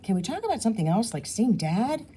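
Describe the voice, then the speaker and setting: A woman reading aloud, voicing a young girl who answers in a quick, offhand and dismissive way. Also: on the high side, big pitch swings, dark tone, slightly rough, voice pushed up. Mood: bored. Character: young girl, bored little sister.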